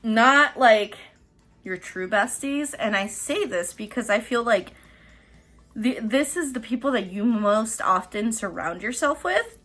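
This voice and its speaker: A woman's voice: on the high side, lively intonation, a little slow, a bit bright, faint music behind. A woman hosting a casual pick-a-card tarot reading, chatty and profane, often laughing mid-sentence. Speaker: tarot reader and host.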